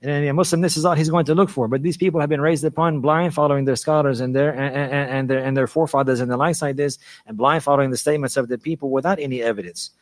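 Male Islamic lecturer, brisk delivery, repetitive emphatic phrasing, dry close sound. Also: mid-range voice, steady tone, no echo. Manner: repeats phrases for emphasis, mixes in Arabic phrases. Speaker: Islamic preacher and teacher. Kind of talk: religious lecture.

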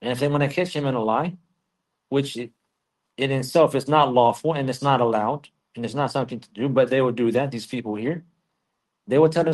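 A man teaching a religious lesson in a mid-range voice, measured and explanatory. He often says a key phrase twice to drive it home. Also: medium pitch, a little mellow. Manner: repeats key phrases for emphasis.

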